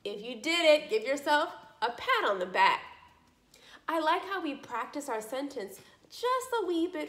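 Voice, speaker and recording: A woman leading a speech practice lesson for children, modeling sounds slowly and encouragingly. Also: high-pitched, a bit bright. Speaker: speech therapist. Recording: echoey room.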